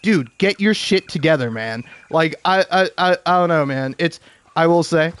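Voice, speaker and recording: A man's voice: a little high, normal speed, clean tone. A man giving casual, rambling commentary over gameplay, stumbling over his words, swearing freely and laughing often. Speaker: gaming video creator.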